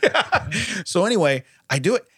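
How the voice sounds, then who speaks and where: A man co-hosting a podcast in casual chat, an animated storyteller who acts out quoted voices and laughs often. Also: sits high, moderate pace, husky, no room sound, studio quality. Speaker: podcast co-host.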